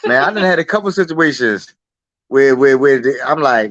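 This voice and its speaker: A man's voice: mid-range voice, moderate pace, no echo, lo-fi sound. A man guest in a casual, profane chat who acts out quotes in a raised voice. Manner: animated, swears a lot, acts out quotes in a raised voice. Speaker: interview guest.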